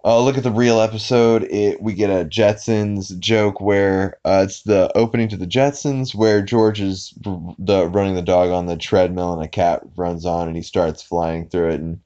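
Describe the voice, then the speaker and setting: A man with a lowish voice talks through a cartoon episode in a loose, rambling way, full of "uh" and "um" and quick restarts. He slips into brief silly voices when quoting characters. The audio sounds dull and lo-fi. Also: steady tone, warm tone. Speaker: podcast host. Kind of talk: casual episode recap.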